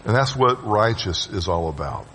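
A man preaching a sermon to his congregation. His voice swings from loud urging to hushed, low phrases, and he calls on the listeners to answer him. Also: big pitch swings, normal speed, a little hiss or hum. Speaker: pastor. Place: church sanctuary with long reverb. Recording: reverberant church hall sound.

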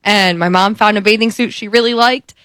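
A woman's voice: medium pitch, fairly even intonation, brisk, a bit bright, dry recording. A woman co-hosting a radio show, telling an anecdote with giggles in casual studio banter.

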